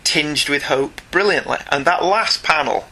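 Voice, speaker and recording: A man's voice: a little high, unhurried. A British man chatting casually and jokingly as a podcast co-host discussing comics. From Britain. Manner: chatty, jokey, animated.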